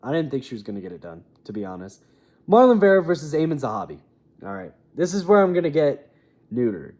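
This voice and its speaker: A man's voice: medium pitch, big pitch swings, quick pace, a little mellow. A young man giving a casual, rambling, opinionated recap of fight results, often trailing off into mumbles. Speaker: MMA commentator.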